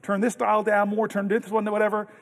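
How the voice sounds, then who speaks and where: A man with a notably high voice delivers a long, unscripted floor speech, earnest and animated, stumbling over restarts as he tells his stories. His words ring out with the long reverb of a big legislative chamber, picked up by a podium mic. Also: quick pace. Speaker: senator giving a floor speech.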